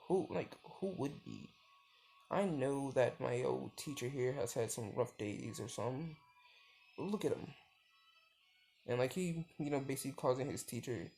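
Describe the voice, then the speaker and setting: A man's voice: medium pitch, expressive, a little slow, gravelly. A young man improvising a fan story in casual chat, rambling with lots of fillers and restarts.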